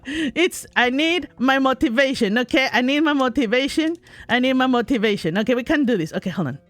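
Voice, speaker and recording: A woman doing let's play commentary, excitable, talking to herself with shrieks and laughs. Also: high-pitched, fairly quick, dry recording, soft background music. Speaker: gaming streamer.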